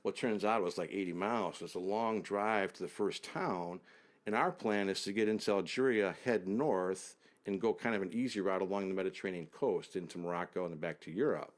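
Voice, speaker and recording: An interview guest, a man, tells a long travel story at an easy, unhurried pace, full of detail, his voice often trailing off low.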